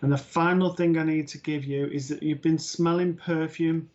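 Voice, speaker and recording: A man giving a psychic reading on a live stream, slow and halting with many pauses and fillers, gentle and soothing. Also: on the high side, fairly even intonation. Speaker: medium. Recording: dull lo-fi stream audio.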